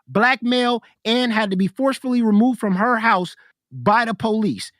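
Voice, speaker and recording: High-voiced man arguing, dry close sound. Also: normal speed, fairly bright tone, no echo. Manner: confrontational, repeats himself to interrupt. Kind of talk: heated casual debate.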